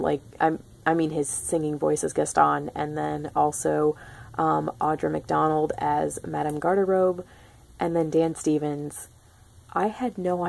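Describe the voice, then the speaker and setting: A woman's voice: deep voice, vocal fry, darkish tone, slight background noise. A young woman chatting casually in a spoiler-free film review, gushing and full of ums and restarts. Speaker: book and film vlogger.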